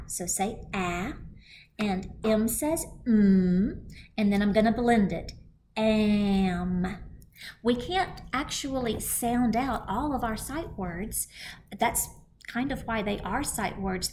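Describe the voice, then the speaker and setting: Slow, patient kindergarten teacher woman. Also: on the high side, a little mellow, a little hiss or hum. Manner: clear, deliberate sounding-out of letters. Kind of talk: slow, patient phonics lesson for young children.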